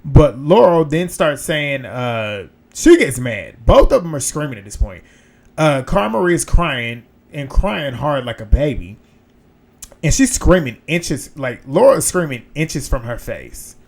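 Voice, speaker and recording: A man's voice: fairly high pitch, big pitch swings, unhurried, vocal fry, a little mellow. A man giving casual, frank commentary as host of a reality TV recap, blunt and sometimes profane.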